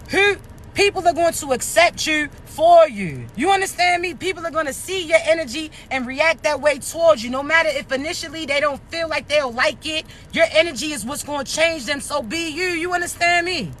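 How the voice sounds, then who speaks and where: A motivational social media creator from Maryland, this woman has a raspy, high, bright voice and a Maryland accent as she gives a casual talk to camera. Blunt and streetwise, she swears freely and keeps asking listeners if they understand, with a little hiss or hum in the audio.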